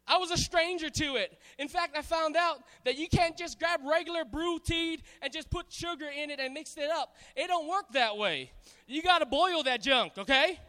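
High bright-voiced preacher from Hawaii. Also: male voice, normal speed. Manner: animated, playful, calls on the congregation. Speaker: pastor. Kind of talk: sermon. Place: church hall. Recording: hall reverb.

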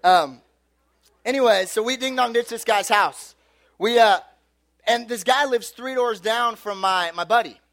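A man giving a youth sermon, telling a story in a loose, animated way with lots of casual filler. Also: extremely high pitch, unhurried, no echo. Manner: animated, casual, full of "like" and "dude". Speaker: youth pastor. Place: room with a live youth audience.

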